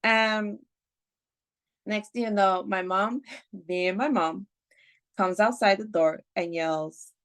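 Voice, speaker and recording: A woman's voice: medium pitch, takes it slowly, pauses often, fairly bright tone, smooth. A woman, a podcast guest, telling a personal story in casual chat, swearing freely and filling her talk with "like" and "you know". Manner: emotional retelling, swears freely, many fillers.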